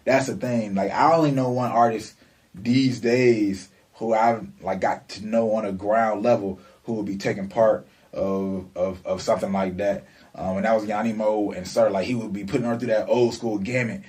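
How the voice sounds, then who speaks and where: A man's voice: on the low side, steady tone, normal speed, a little mellow, far from the mic. A man co-hosting a music podcast, telling rambling, laid-back stories. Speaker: podcast co-host. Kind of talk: casual podcast chat.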